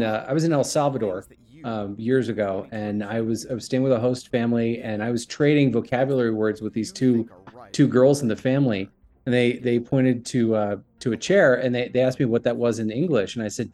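A man's voice: medium pitch, fairly quick, mellow. A man from Ohio who works as a voice actor, speaking with carefully controlled enunciation in a casual panel chat.

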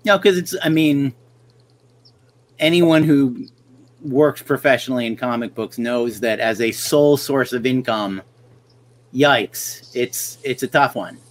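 A man's voice: medium pitch, unhurried. Wry middle-aged man telling stories. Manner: wry storyteller who acts out quoted lines. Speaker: podcast host. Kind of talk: casual chat.

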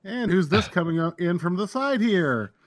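Brief: upbeat male commentary host, fairly high, animated voice. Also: normal speed. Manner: animated and jokey. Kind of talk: casual commentary chat.

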